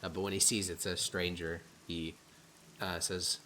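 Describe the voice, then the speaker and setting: A man narrating as game master in a tabletop game, casual and halting with fillers. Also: deep voice, level tone, sharp tone, a little hiss or hum.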